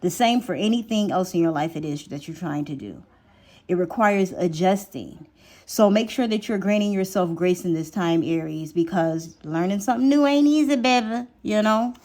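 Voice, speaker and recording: A tarot reader gives a casual, chatty reading, repeating phrases for emphasis and dropping to a whisper as she draws cards. Her voice is fairly low, warm and expressive, at a moderate pace.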